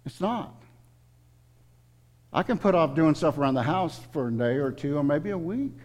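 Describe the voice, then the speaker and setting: This middle-aged preacher speaks expressively at normal speed, his voice on the high side and a little mellow. Appealing directly to the congregation with earnest emotion, he delivers his sermon in a church sanctuary filled with long hall reverb.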